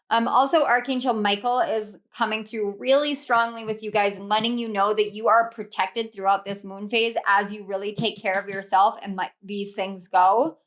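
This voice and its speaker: A woman's voice: mid-range voice, fairly bright tone. A young woman giving a casual tarot reading, emotional and gushing, laughing often as she goes. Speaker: tarot reader.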